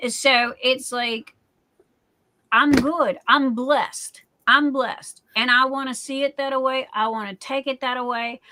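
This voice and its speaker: Woman in her forties, livestream host; bright, rather high voice, emphatic chatty delivery. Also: poor audio. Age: 40s. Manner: emphatic, repeats herself, keeps asking "okay?". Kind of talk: casual live chat.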